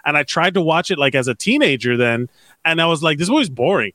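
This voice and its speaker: Male co-host, slightly high pitch, bright dry voice, playful. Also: expressive, fairly quick, no echo. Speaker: podcast co-host. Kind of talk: casual movie chat.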